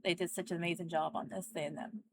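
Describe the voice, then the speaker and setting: Earnest young woman with a lowish voice. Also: steady tone, gravelly, dry recording, poor audio. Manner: earnest, heartfelt, halting. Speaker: reaction channel host. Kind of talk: casual reaction commentary.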